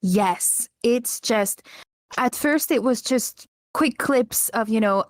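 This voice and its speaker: A woman co-hosting a podcast, chatting casually and chiming in with quick agreement. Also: on the high side, dry recording, studio quality. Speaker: podcast co-host. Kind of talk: casual chat.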